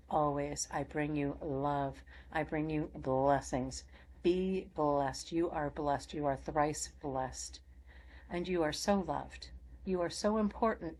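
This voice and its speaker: Casting note: middle-aged woman with a low voice, card reader, soft and affirming, blessing her listeners over and over. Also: slight background noise. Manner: gentle, affirming, repetitive blessings. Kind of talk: spiritual channel closing talk.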